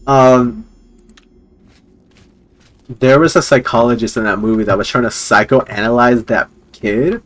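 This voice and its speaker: A man's voice: mid-range voice, fairly even intonation, measured pace, pauses often, a bit bright. A man streaming live, rambling casually with lots of fillers and chuckles.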